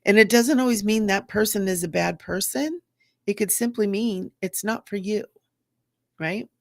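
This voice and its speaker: A gravelly, medium-pitched voice at a moderate pace belongs to a middle-aged woman who hosts live streams as a psychic medium. She greets her viewers and chats earnestly, restarting and filling pauses. The audio is clean studio sound without echo.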